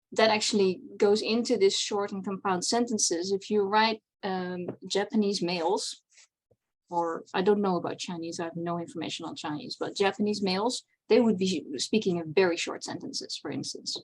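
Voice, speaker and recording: A panel presenter at a convention, a woman with a first language other than English, chats about writing with plenty of fillers and restarts. Her mid-range voice moves at a moderate pace.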